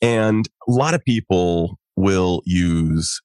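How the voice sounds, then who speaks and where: A middle-aged man, a psychologist and coach, explaining things in an animated way and laughing often during a conversation. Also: sits low, takes it slowly, smooth, no echo, clean studio sound. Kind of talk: conversational podcast interview.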